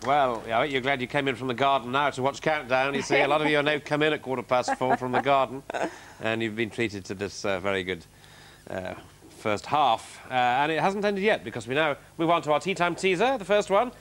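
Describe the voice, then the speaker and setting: A man's voice: medium pitch, a little fast, a bit bright, a little hiss or hum. A man hosting a television word game in a studio, chatting and teasing in a light, punning way. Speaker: game show host. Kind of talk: light-hearted studio banter.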